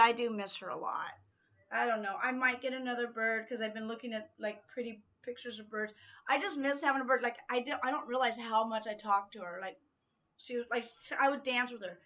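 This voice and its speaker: Gushing chatty woman, bright voice. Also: a little high, dull audio. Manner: gushing, chatty, many fillers and restarts. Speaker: vlogger. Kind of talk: casual chat. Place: room at home.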